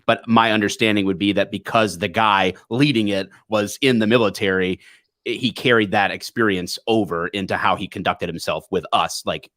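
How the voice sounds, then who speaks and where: A man co-hosting a podcast, talking in a relaxed, conversational way and quoting others in his story. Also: fairly low pitch, moderate pace, dry recording, clean studio sound. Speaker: podcast co-host, police officer. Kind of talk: casual chat, storytelling.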